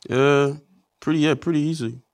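A man's voice: fairly high pitch, steady tone, normal speed. A man from Ireland speaking as a guest in a casual interview. He rambles in a laid-back way, with lots of fillers.

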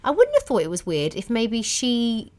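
A woman's voice: a little high, wildly swooping pitch, darkish tone. A woman co-hosting a podcast, chatty and rambling in casual talk. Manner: chatty, rambling, quick to laugh. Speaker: podcast co-host. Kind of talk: casual chat.

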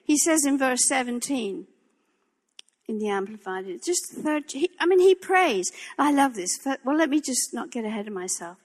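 Older woman, preacher, high-pitched, fervent sermon, repeats phrases, long church reverb. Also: lively intonation, normal speed. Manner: impassioned, emphatic, repeats phrases.

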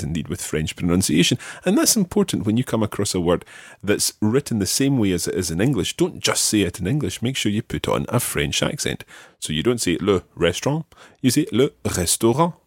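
Deep-voiced man teaching a podcast lesson. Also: very animated, breathy edge, dry recording, clean studio sound. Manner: patient, repeats words slowly for practice. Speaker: language teacher and podcast host.

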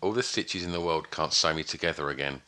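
A man voicing a weary, dying male gangster in a put-on Puerto Rican accent, delivering a slow, quiet, resigned film monologue. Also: extremely low pitch, slight background noise. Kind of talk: reading film's closing monologue.

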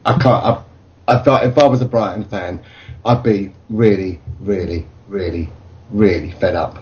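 A man's voice: deep voice, normal speed, darkish tone. A man co-hosting a football radio show, chatting in a jokey, rambling way. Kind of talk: casual fan radio chat. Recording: dull lo-fi sound.

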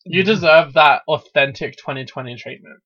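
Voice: mid-range voice, moderate pace, a bit bright. A podcast co-host in casual chat, crude and sweary, often laughing. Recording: dull lo-fi recording.

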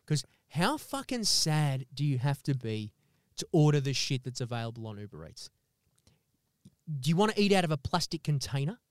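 A man with a high, smooth voice rants in a heated, profane, comedic way. He keeps checking in with his listeners and pushes each point hard. The sound is close and dry. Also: sing-song, moderate pace, no echo. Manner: heated, sweary, repeats "do you know what I mean". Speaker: podcast host.

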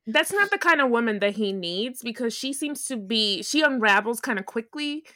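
A woman's voice: on the high side, lively intonation, moderate pace, pushed and bright. A woman co-hosting a casual podcast chat, agreeable and wry, often laughing along. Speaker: podcast co-host.

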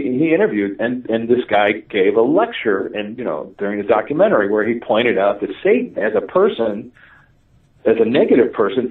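A man telling stories in a casual conversation, animated and laughing, with many fillers and restarts. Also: lowish voice. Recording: distant, tinny phone-like audio.

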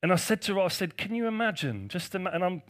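A man's voice: sits high, lively intonation, fast. A male pastor preaching a conversational sermon, with jokey asides to his congregation.

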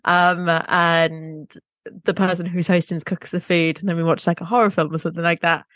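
A woman's voice: lowish voice, little pitch movement, normal speed, fairly bright tone, no room sound. A woman co-hosting a podcast in casual, rambling chat, poking fun at herself. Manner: chatty, self-mocking, rambling asides. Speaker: podcast co-host.

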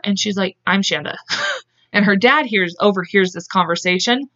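A woman hosting a podcast, retelling a case in casual chat, acting out quotes in quick voices and speaking bluntly. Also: mid-range voice, pushed and bright, muffled recording. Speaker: podcast host. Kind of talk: casual true-crime storytelling.

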